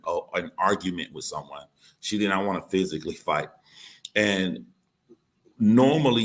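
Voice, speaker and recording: A man's voice: low-pitched, fairly bright tone. A man telling a heated personal story in a blunt, profane way, acting out what other people said and repeating his key points. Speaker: YouTuber telling his side of a dispute.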